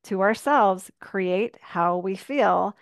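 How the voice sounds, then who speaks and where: Soft-spoken woman hosting a podcast, thoughtful, middle pitch, dry mic. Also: slow pace, gravelly, smooth, dry recording. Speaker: podcast host. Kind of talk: reflective podcast conversation.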